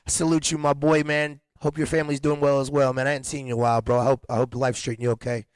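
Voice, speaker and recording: A man's voice: mid-range voice, flat delivery, fast, clean tone, no echo. A man hosting a casual podcast chat, rambling in slang with frequent restarts and laughter. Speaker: podcast host.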